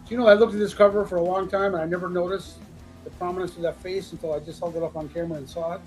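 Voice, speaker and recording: A man with a fairly high voice calls out comic books and prices in a loose, joking live-auction patter. He sounds congested from a sinus infection and keeps clearing his throat. Faint guitar music plays behind him. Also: flat delivery, rapid-fire, a little mellow, poor audio. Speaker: auction seller.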